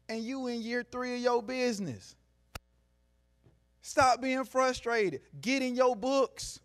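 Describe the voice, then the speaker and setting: A man giving a motivational talk to a live audience in a room, preachy, asking the crowd questions, going from quiet to loud. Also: very high voice. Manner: preachy, call-and-response, swings from soft to loud. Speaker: motivational speaker.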